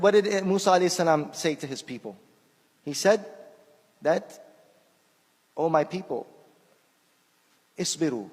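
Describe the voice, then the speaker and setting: एक आदमी अनौपचारिक धर्मोपदेश दे रहा है, बोलचाल के अंदाज़ में, शब्द दोहराते हुए और किस्सों में आवाज़ें निकालते हुए; उसकी मातृभाषा फ़ारसी है।. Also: male voice, high voice. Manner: conversational, repeats words while searching, acts out quoted voices. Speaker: shaykh giving a talk. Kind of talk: informal sermon with anecdotes. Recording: long hall reverb.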